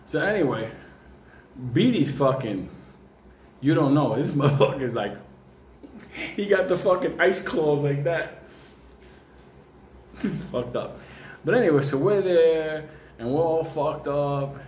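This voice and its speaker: Profane New storyteller, animated. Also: male voice, on the high side, slow pace, long pauses, slight background noise. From New York. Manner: profane, animated, laughs often. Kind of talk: comic storytelling. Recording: roomy with faint ambience.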